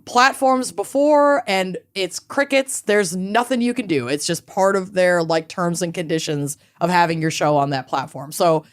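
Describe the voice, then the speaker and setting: A woman's voice: lowish voice, moderate pace, hardly any pauses, clear, resonant tone. A woman co-hosting a podcast, chatting casually and emphatically. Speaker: podcast co-host. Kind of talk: casual chat.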